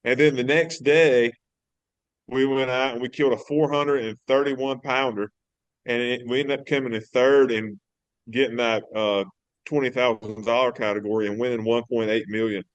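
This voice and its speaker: A man with a drawl spins fishing-trip stories on a podcast, circling back with fillers and restarts as he builds up emphasis. His voice is smooth and resonant, and the sound is dry and close with no room echo. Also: mid-range voice, steady tone, moderate pace, lo-fi sound. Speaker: fishing boat captain, guest. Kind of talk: casual storytelling interview. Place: podcast studio.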